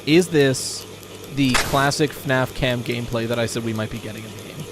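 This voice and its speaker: A man chatting casually on a live stream, reacting to a game trailer in an animated, excitable way and swearing casually as he talks to his chat. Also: mid-range voice, moderate pace, background noise.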